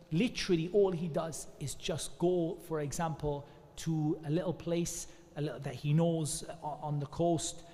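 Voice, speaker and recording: High-voiced man preaching in a hall. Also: darkish tone. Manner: earnest, conversational, repeats devotional phrases. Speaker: preacher giving religious advice. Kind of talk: informal religious advice talk.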